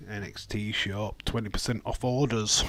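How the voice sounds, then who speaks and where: A man's voice: fairly low pitch, fairly even intonation, moderate pace, fairly bright tone, no echo. A man with a Yorkshire accent hosting a live wrestling watch-along, chatting casually and reacting to viewer messages. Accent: Yorkshire English. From Yorkshire, England. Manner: chatty, reacts to chat messages, laughs easily. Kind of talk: casual live commentary and chat.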